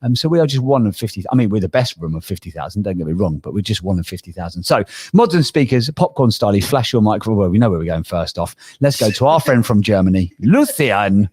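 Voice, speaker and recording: A man's voice: on the low side, sing-song, fast talker, few pauses, a little mellow, a little hiss or hum. A man hosting a live online audio room, joking and self-deprecating in casual chat. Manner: jokey, rambling, self-deprecating. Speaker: host.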